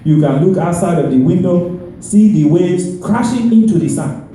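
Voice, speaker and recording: Comedian doing a deadpan Nigerian-accented persona, lively pitch, unhurried; echoey club mic from far off. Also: male voice. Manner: slow deliberate punchlines, repeated refrains. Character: man with a thick Nigerian accent, deadpan storyteller. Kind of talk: stand-up comedy. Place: live comedy venue. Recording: echoey stage mic from far off with crowd noise.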